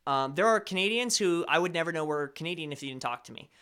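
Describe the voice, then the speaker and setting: Stream host, man, slight Colorado accent, tense bright tone, rambling casual chat, pitched a bit high. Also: animated, fast talker, smooth. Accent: slight Colorado American. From Colorado, USA. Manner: rambling, self-correcting, chatty. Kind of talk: casual chat answering viewer chat.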